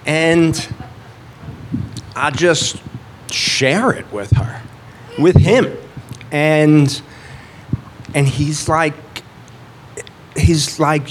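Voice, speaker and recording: A man's voice: fairly high pitch, steady tone, extremely slow, pauses often, a little hiss or hum. Rambling man telling a testimony. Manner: rambling, full of "like" and restarts. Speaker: church speaker sharing a testimony. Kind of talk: casual testimony.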